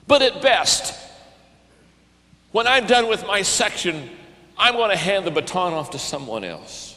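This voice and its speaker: Earnest older man preaching, bright voice. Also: sits high, very animated, measured pace, pauses often. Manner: earnest, repeats himself when stirred. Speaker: pastor and leadership speaker. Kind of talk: storytelling sermon talk. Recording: long hall reverb.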